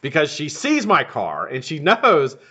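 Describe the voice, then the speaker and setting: A man's voice: on the high side, huge pitch swings, unhurried, bright, forceful tone, breathy edge. A man hosting a live stream, telling a rambling, profane story in a casual way. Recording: dull lo-fi stream audio.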